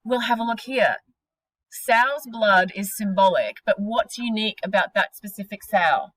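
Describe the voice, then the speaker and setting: A woman teaching a literature class, energetic and questioning, with casual slang. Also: mid-range voice, a little slow, no room sound, rough recording.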